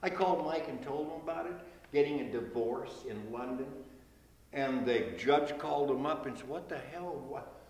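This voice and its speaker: An older man telling jokes to a small group of friends, relaxed, acting out the characters in quick quotes. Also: medium pitch. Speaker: joke teller. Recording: echoey reverberant room, light noise.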